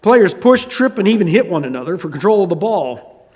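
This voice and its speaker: A man's voice: sits high, big pitch swings, a little fast, darkish tone, big-room sound. An older man preaching a sermon, telling a story with conversational asides. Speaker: pastor.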